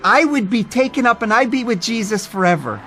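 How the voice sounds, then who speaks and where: A man's voice: high voice, fast, bright, forceful tone, soft background music, pitched above the performer's own voice. A man voicing a pushy woman family friend who urgently warns a boy, speaking in a raised, emphatic voice. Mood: urgent warning.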